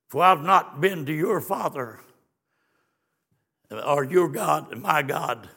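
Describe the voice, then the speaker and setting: Gravelly high-voiced preacher in a hall. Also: male voice, sing-song, slow pace. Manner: swings from hushed storytelling to shouted exclamations. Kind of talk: fiery sermon. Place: church sanctuary. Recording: long church reverb.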